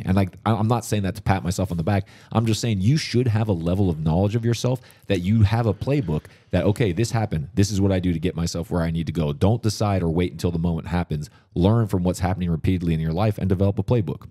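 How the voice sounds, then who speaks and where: A man with a very deep, dark voice hosts a motivational podcast. He talks fast and sounds encouraging, with frequent words of agreement. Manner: quick, encouraging, affirms often. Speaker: podcast host.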